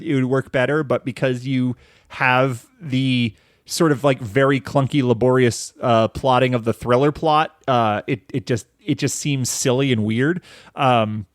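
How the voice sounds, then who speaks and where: A man's voice: medium pitch, dry recording, studio quality. A man hosting a casual film podcast, talking in a rambling, profane way with lots of fillers and restarts. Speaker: podcast host.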